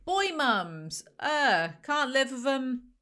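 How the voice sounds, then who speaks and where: A woman's voice: sits high, big pitch swings, pushed and bright. A woman, chatting sarcastically to camera as host of a reaction video. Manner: sarcastic, ranting, quick asides. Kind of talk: casual chat to camera.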